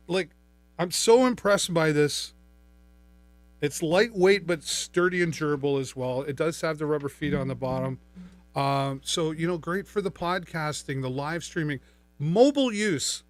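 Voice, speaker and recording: There's no room sound on this studio microphone, which runs through a mixer. The middle-aged man speaking has a voice on the higher side, and he keeps things upbeat and playful while demonstrating a microphone and mixer during a live shopping stream.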